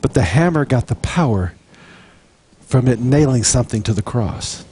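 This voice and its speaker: A man preaching a sermon, animated and chatty, acting out little scenes and chuckling between points. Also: medium pitch, moderate pace, a little hiss or hum. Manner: animated, jokes and acts out quotes. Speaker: pastor.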